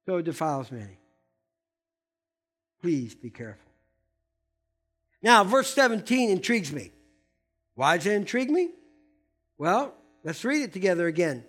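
An older man preaching a sermon, emphatic and repeating key words, swinging between loud stresses and hushed asides. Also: high-pitched, sing-song, normal speed, pauses often, soft background music. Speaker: pastor.

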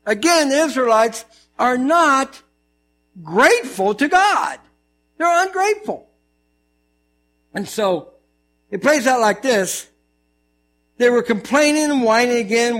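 A man preaching with an animated, joking delivery, slipping into funny voices to act out the stories. His voice sits high for a man. A low mains hum runs under the recording. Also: a little slow, long pauses. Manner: animated storytelling, mimics voices, jokes. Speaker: pastor. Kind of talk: sermon.

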